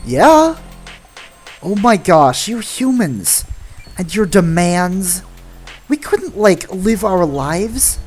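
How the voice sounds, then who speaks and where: A woman's voice: lowish voice, big pitch swings, extremely slow, long pauses, a little mellow, breathy edge, soft background music, exaggerated voice. Woman doing a sassy laid-back mermaid. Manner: valley-girl slang, drawling. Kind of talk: reading game dialogue aloud.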